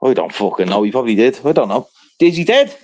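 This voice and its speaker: A man's voice: medium pitch, sing-song, fast talker, darkish tone. A man telling a rambling, profane story in casual livestream chat, peppering it with "right?".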